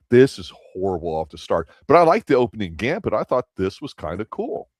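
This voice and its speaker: A man's voice: on the low side, huge pitch swings, fairly quick, hardly any pauses, husky, no echo, clean studio sound. A male host reviewing a TV episode in casual chat, opinionated and ranting animatedly. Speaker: show host.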